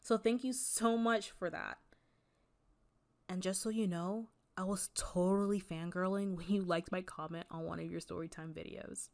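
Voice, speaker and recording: A woman's voice: lowish voice, fairly even intonation, moderate pace, darkish tone, faint music behind. A young woman YouTuber, an artist, talking earnestly and candidly in a personal vlog, with a voice she herself calls Valley Girl. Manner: earnest and candid, mixing serious and playful.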